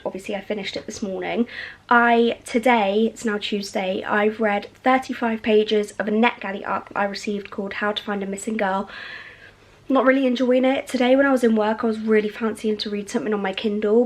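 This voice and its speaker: A young woman chatting casually about books in a reading vlog at home, gushing and full of fillers. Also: medium pitch. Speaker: book vlogger.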